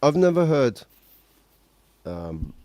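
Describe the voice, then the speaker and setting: A man chatting casually as a podcast host, rambling and halting and swearing now and then. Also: mid-range voice, sing-song, darkish tone, slight background noise. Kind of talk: casual chat.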